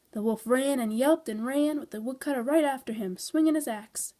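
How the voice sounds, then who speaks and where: Woman, storybook reading for children, calm and expressive, fairly high voice. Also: brisk, few pauses. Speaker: storybook reader.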